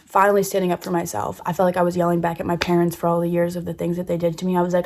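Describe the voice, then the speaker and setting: A woman's voice: fairly low pitch, monotone, fast talker, darkish tone. A young woman in her twenties telling a personal story, candid and emotional and swearing freely. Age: 20s. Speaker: vlogger.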